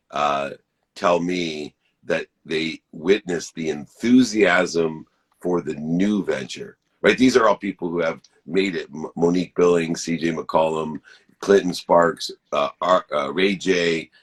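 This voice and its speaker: A man's voice: rumbling low, breathy edge. A man co-hosting a talk show, enthusiastic and preachy, rambling with spiritual asides. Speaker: show co-host. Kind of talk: energetic podcast conversation.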